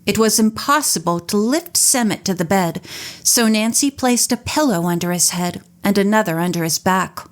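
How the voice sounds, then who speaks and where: A woman reading an audiobook in a measured, careful style. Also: mid-range voice, lively intonation. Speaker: audiobook narrator. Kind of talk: audiobook narration.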